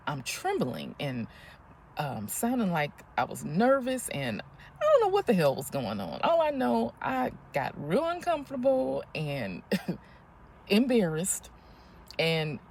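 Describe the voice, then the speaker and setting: A woman in her fifties recounts a story in a relaxed vlog, her voice gravelly and full of fry. Her pitch swings widely as she goes, and she laughs and gets breathless along the way. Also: a little slow, slight background noise. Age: 50s. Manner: animated, laughing, breathless retelling. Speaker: vlogger. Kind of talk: casual storytelling.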